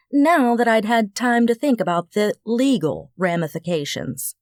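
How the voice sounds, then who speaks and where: Lively woman narrating an audiobook. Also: medium pitch, dry recording, clean studio sound. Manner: expressive, wry storytelling. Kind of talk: first-person audiobook narration.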